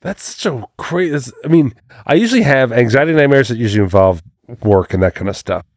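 A man co-hosting a podcast in easygoing casual chat, quick to react and laugh. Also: mid-range voice, lively intonation, no echo, clean studio sound. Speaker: podcast co-host.

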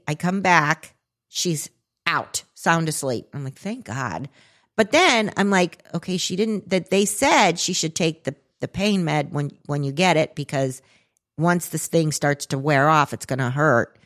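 Woman, forties, podcast co-host, casual storytelling, lively swooping pitch, acts out quotes. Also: a little slow. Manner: animated, acts out quotes with big pitch jumps.

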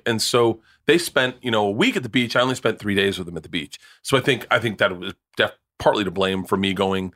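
A man's voice: fairly low pitch, fast, hardly any pauses, pushed and bright, no room sound, clean studio sound. A man in his forties, a comedian guest, telling rambling stories with stammered restarts and swearing. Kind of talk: casual podcast storytelling.

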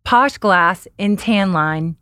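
A woman with a lowish voice chats about makeup on a podcast, eager and talkative. The sound is dry and close, with no room around her. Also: takes it slowly, pushed and bright, dry recording. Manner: chatty, enthusiastic product recommendations. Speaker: podcast co-host. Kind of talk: casual beauty podcast chat.

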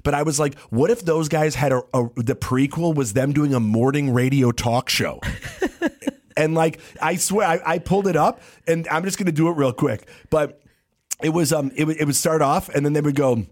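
A man co-hosting a comedy podcast, rambling through stories with jokes and quick asides. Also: fairly high pitch, darkish tone. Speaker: podcast co-host. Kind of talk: casual comedic chat.

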